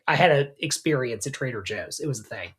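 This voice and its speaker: A middle-aged man, a rabbi co-hosting a podcast, telling stories in an animated, casual way with lots of fillers and asides. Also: medium pitch, fast, breathy edge. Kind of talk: casual conversation.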